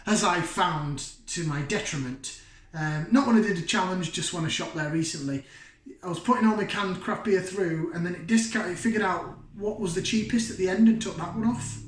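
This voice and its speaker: Chatty beer vlogger, rambling, self-mocking, slightly higher voice, roomy echo. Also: male voice. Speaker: beer reviewer. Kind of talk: casual chat to camera.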